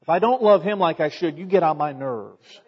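A man's voice: a little high, expressive, normal speed, breathy edge, highs cut off. A middle-aged man preaching a sermon in a church, folksy in tone, building emphasis and quoting scripture. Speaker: pastor.

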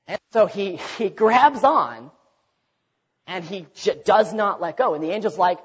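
A man's voice: high voice, expressive, moderate pace, slightly rough. A man preaching a sermon in a conversational way, often repeating words and acting out quoted speech. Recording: dull recording in a reverberant hall.

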